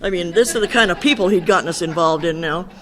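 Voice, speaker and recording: A woman's voice: lowish voice, quick pace, fairly bright tone. Older woman telling her recovery story. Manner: candid, chatty storytelling with quoted dialogue. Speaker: Al-Anon speaker. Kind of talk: personal recovery talk.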